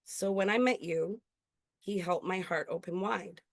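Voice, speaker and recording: A woman's voice: lowish voice, creaky, no room sound, clean studio sound. Earnest woman reciting spoken-word poetry. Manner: earnest and intimate, slowing on key lines. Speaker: open mic performer. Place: indoor open mic venue.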